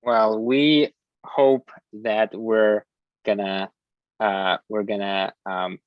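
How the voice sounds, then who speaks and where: A man hosting a casual discussion, hesitant and filling pauses with many fillers. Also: on the low side, steady tone, no echo. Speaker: host. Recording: dull dry lo-fi audio.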